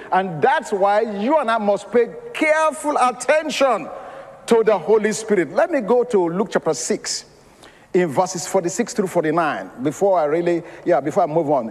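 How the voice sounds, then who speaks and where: High-pitched preacher guy giving a sermon, tells stories and laughs a lot, long echo like a big hall. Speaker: pastor.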